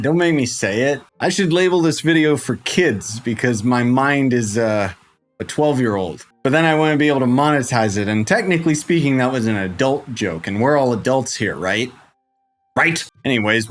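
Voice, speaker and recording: Goofy, rambling man narrating gameplay. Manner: playful, rambling, jokey asides with sudden pitch jumps. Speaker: game guide creator. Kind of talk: casual gameplay tutorial commentary. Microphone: desk microphone.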